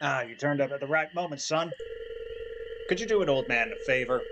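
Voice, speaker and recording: A man voicing a gruff old male villager in a put-on folksy accent, reading game dialogue aloud. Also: mid-range voice, fairly quick, muffled recording, noisy background, lightly acted.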